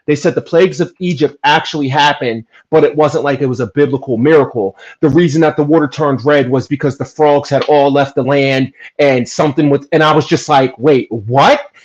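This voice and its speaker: A man from New Jersey argues his view in a casual podcast conversation, earnest and emphatic, now and then rising into animated bursts. His voice sits a little high for a man. The audio is dull and lo-fi. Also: a little fast. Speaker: podcast guest.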